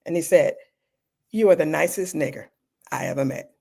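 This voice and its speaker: Middle-aged woman, lowish voice, doctor guest recounting her experiences, animated, mimics others. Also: normal speed, creaky, husky. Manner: candid, animated, acts out quoted people. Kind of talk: personal storytelling in an interview.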